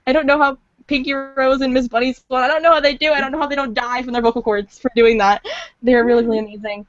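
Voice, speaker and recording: Brief: high-pitched woman, rambling self-deprecating podcast chat, dry close sound. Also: steady tone, fast, no room sound. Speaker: fan voice actor. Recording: dull lo-fi audio.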